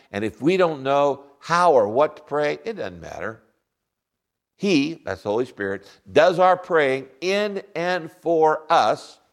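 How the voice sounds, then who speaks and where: A man's voice: medium pitch, vocal fry. Man preaching an earnest sermon. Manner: earnest preaching, slows down for emphasis. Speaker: pastor.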